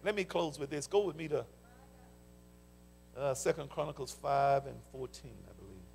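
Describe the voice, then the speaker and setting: An older pastor with a Southern US accent, preaching a fervent sermon with folksy stories and call-and-response interjections. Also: male voice, mid-range voice, moderate pace, gravelly, darkish tone, faint music behind. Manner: folksy storytelling. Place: church sanctuary.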